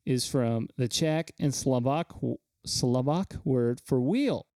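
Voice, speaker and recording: Man, podcast co-host, mellow tone, dry close sound, eager, trips over words. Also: mid-range voice, expressive, slow pace, dry recording. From Kansas. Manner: enthusiastic, stumbles over words. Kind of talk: casual chat, reading fun facts.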